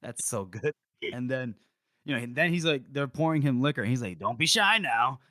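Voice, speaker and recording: A man of mid pitch recaps a novel's chapters in a relaxed, chatty way, sliding into quick impressions of the characters. He is close to the mic, with a dry, dead sound. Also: no echo. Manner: recaps scenes, acting out characters' lines. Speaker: podcast co-host. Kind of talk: casual book-discussion chat.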